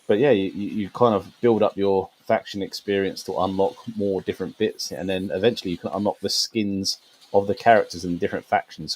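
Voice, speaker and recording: A man's voice: sits low, darkish tone, husky, rough recording. A man co-hosting a gaming podcast, explaining at length with fillers and frequent laughs. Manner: laughs often, meandering explanations with many fillers. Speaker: podcast co-host. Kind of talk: casual podcast chat.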